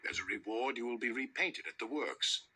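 A man voicing a stern, fatherly railway boss, firm and measured in a storybook reading. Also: mid-range voice, lively intonation, bright, forceful tone, slightly rough, exaggerated voice. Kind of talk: storybook narration.

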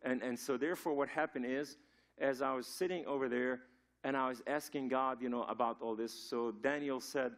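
A man from Lebanon preaches as a guest in a church, telling the story loosely. He restarts his sentences often and leans on "you know" while explaining. His voice sits at an ordinary middle pitch for a man. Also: steady tone, moderate pace. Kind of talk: sermon. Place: church sanctuary.

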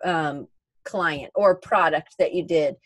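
A woman's voice: low voice, slow, no room sound. A woman hosting a podcast interview, chatting casually and reading out listener questions. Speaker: podcast host.

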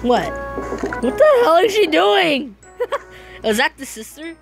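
A woman hosting a reaction video in casual commentary, excitable and quick to burst into shrieks and exclamations. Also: high-pitched, vocal fry, music in the background.

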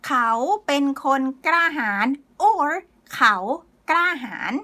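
Woman, high voice, live-stream language teacher: patient step-by-step explainer who answers the chat. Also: animated, racing, bright, forceful tone. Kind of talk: live online language lesson.

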